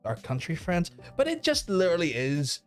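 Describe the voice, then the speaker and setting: A man's voice: fairly high pitch, huge pitch swings, normal speed, soft background music. A Northern Irish man co-hosting a comedy talk show, ranting in sweary casual banter and often restarting his sentences. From Northern Ireland.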